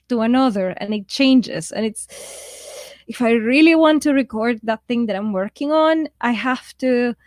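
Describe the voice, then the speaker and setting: A chatty woman with a mixed, shifting accent hosts a live writing stream, reading viewer comments aloud and laughing at herself. Her voice sits a little high and sounds dry and close. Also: no room sound. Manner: chatty and self-deprecating, laughs often. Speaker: livestream host of a writing write-in.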